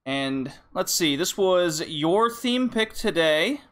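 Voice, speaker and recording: A man's voice: sits high, animated, slow, fairly bright tone. A man hosting a casual gaming podcast, talking loosely with many fillers. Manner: rambling, with frequent fillers. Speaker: podcast host.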